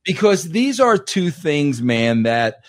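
A man hosts a casual interview, his voice a little high and very lively in pitch. He trips over restarts as he pushes his questions along, keen and enthusiastic. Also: slow pace. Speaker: interview host.

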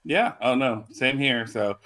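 A man's voice: medium pitch, unhurried, fairly bright tone. A man co-hosting a show in casual chat, easygoing as he greets viewers in the chat. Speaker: podcast co-host.

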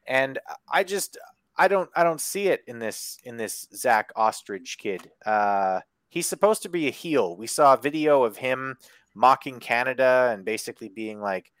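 A man's voice: mid-range voice, a bit bright, no echo. A man hosting a casual wrestling chat, wry and sarcastic, rambling a bit as he talks. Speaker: podcast host.

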